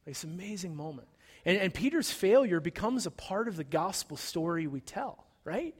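A man's voice: on the high side, expressive, brisk, husky. A man preaching a sermon, retelling a story in a conversational way and often checking in with "right?". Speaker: pastor. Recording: long hall reverb.

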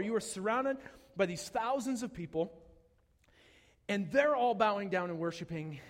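A man preaching a sermon, animated and conversational, with jokes and asides to the congregation. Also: high-pitched, long reverb tail. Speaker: pastor.

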